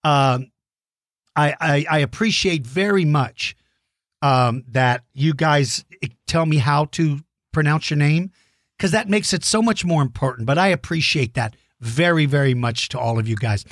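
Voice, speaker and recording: Middle-aged male kids' show host, enthusiastic and encouraging, slightly high, dry close mic. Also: a little slow, no room sound. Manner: enthusiastic, encouraging, explains simply. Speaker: host answering kids' dinosaur questions. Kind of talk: friendly kids' show chat.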